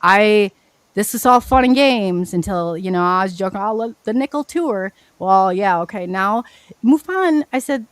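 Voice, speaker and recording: A woman guest telling her story in a casual, animated, rambling way, often restarting her sentences. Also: mid-range voice, moderate pace, no echo. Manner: animated, rambling, frequent restarts and self-corrections.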